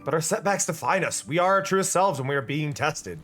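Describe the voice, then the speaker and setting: A man voicing an earnest young warrior who speaks formally and gravely. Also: a little high, animated, brisk, natural voice. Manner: formal and grave, speaks in lofty pep talks. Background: faint music.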